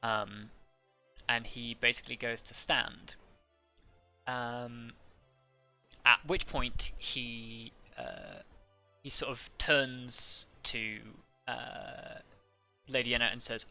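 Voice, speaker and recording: A man's voice: mid-range voice, animated, slow, gravelly, bright, forceful tone, soft background music. A man narrating a tabletop game as game master, rambling with many fillers and restarts.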